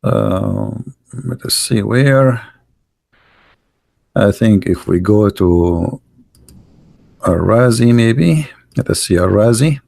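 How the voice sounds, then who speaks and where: A man giving combative religious commentary while reading from texts, mocking and arguing, often pausing with fillers as he hunts for pages. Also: lowish voice, animated, vocal fry, a little mellow, dry recording, clean studio sound. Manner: mocking, insulting and argumentative; halting, with many fillers while searching pages.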